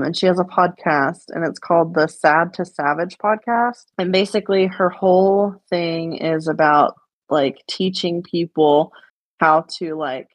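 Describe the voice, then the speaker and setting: A woman's voice: low voice, no echo. A young woman co-hosting a podcast, chatting casually and mumbling with plenty of fillers and laughs. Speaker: podcast co-host. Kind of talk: casual chat. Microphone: remote voice call.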